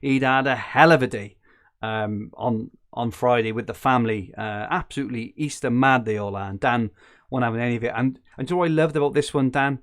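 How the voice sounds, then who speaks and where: A man's voice: mid-range voice, brisk, fairly bright tone. A man hosting a podcast, chatty and laughing easily. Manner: chatty, laughing often, with frequent restarts. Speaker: podcast host. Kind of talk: casual chat.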